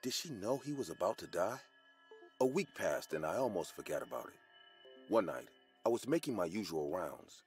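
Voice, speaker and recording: A man's voice: sits low, very animated, normal speed, darkish tone, soft background music. A man giving dramatic, first-person scripted horror narration.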